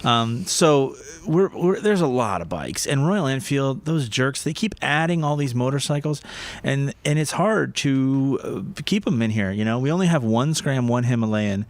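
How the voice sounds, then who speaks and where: A man's voice: mid-range voice, expressive, normal speed. A man co-hosting a casual livestream from a motorcycle shop showroom, rambling and self-correcting, laughing easily.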